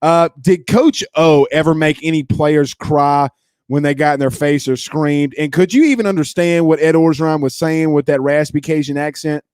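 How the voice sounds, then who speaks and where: A man hosting a sports podcast, asking quick conversational questions. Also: fairly high pitch, darkish tone, clean tone, no echo, clean studio sound. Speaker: podcast host. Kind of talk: casual interview.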